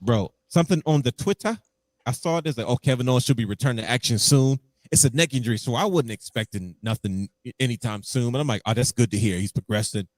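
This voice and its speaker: A man's voice: medium pitch, lively intonation, fast talker, no room sound. A man co-hosting a podcast in casual chat, telling stories animatedly and acting out his own reactions. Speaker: podcast co-host.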